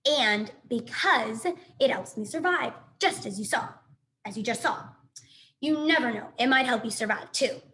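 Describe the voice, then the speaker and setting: A woman voicing a dramatic female opossum actress who is excitable and theatrical, reading a storybook aloud. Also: fairly high pitch, a little slow. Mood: cheerful. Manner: theatrical, excitable, gasping and stammering when startled.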